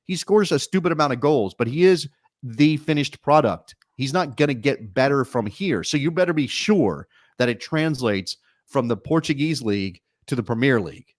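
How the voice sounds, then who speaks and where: A man co-hosting a soccer talk show, talking in an animated, wry way with many quick restarts. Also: mid-range voice, no room sound, studio quality. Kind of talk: casual sports talk.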